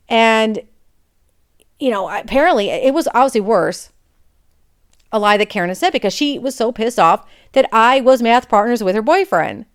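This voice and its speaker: A woman's voice: medium pitch, clean tone, no room sound, studio quality. A woman in her forties, a podcast host, telling a personal story in a rambling, digressive way with many restarts.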